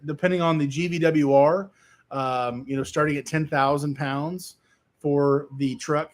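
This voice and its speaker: A man hosting a casual livestream reads viewers' comments aloud and answers them in a relaxed, rambling way, with lots of fillers and restarts. His voice is on the high side and unhurried.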